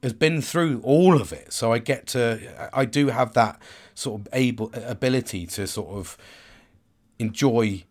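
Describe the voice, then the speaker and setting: A man's voice: mid-range voice, a little slow. A man, talking openly and casually to camera, rambling with many restarts and frequent swearing. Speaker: vlogger. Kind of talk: casual personal monologue.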